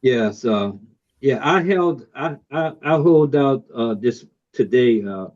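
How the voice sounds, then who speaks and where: A man with a mellow, dark voice talks haltingly and earnestly in a casual discussion group, stopping often to fill pauses. The recording sounds a little dull and lo-fi. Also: medium pitch. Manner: halting, earnest, full of ums.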